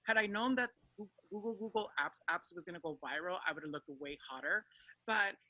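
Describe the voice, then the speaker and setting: A woman's voice: on the low side, brisk, sharp tone, no room sound, low-quality recording. A woman drag performer chatting as an interview guest, joking and loose with filler words. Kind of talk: casual interview chat.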